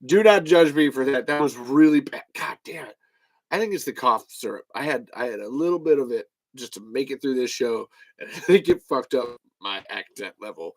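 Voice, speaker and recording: A man's voice: mid-range voice, animated, moderate pace, poor audio. Male podcast host, casual, rambling, salty language. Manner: rambling, profane. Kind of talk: casual chat.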